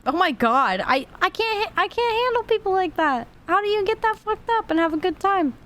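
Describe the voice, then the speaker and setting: A woman's voice: very high-pitched, expressive, a little fast, fairly bright tone. A woman chatting casually on a podcast, swearing freely and joking. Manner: laughs often, swears, chatty. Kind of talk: casual chat.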